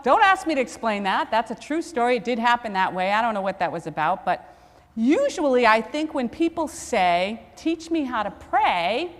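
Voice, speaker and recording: A woman priest preaching a sermon, conversational and self-deprecating as she tells a story. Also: high voice. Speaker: Episcopal priest. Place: church. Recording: long church reverb.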